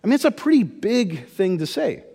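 A man's voice: sits high, sing-song, normal speed, vocal fry, dark tone. Pastor guy preaching casual, voice jumping all over, echoey church hall. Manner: casual storytelling, conversational. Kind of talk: sermon.

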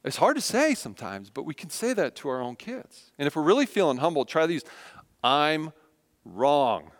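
A man's voice: on the high side, very animated, fast talker. A man in his thirties preaching a sermon to his church, earnest and conversational, telling personal family stories. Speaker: pastor. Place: church sanctuary. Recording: long reverb in a church hall.

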